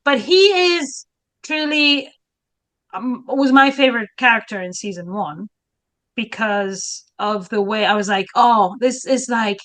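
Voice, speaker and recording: A woman guest historian in lively casual chat who laughs often and restarts her words. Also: fairly high pitch, a little slow.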